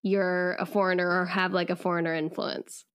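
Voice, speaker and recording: A woman's voice: fairly low pitch, level tone, moderate pace, smooth, no echo, clean studio sound. A young woman co-hosting a podcast, chatting casually and laughing often. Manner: giggly, chatty. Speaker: podcast co-host. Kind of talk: casual chat.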